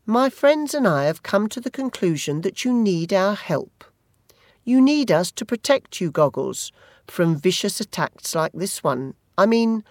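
A reader voicing a taunting, menacing teenage boy bully in a storybook reading, with slow, sneering threats. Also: medium pitch, dry recording, studio quality, voice pushed up.

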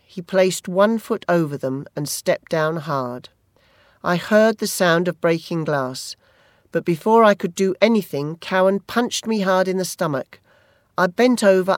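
A narrator reading a first-person story aloud at a measured, even pace. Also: mid-range voice, no room sound, studio quality. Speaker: audiobook narrator.

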